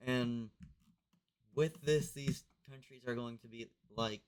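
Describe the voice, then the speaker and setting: A man's voice: mid-range voice, fairly even intonation, measured pace, clean tone. A man narrating a map game casually, loose and rambling with lots of fillers. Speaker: video narrator.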